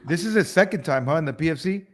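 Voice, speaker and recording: A man co-hosting a podcast who cuts in with quick, reactive remarks from off-mic. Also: on the high side, animated. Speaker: podcast co-host. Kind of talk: casual podcast chat.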